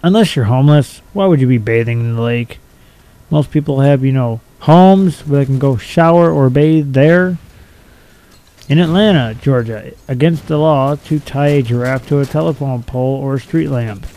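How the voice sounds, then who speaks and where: A man's voice: medium pitch, moderate pace, mellow, poor audio. A young man reading out silly laws and mocking each one in a blunt, profane, sarcastic way. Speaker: video commentator.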